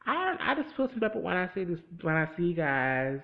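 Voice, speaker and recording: In a gravelly, medium-pitched voice that runs a little fast, this TV episode reviewer chats animatedly to the camera while recapping the episode. The audio quality is low.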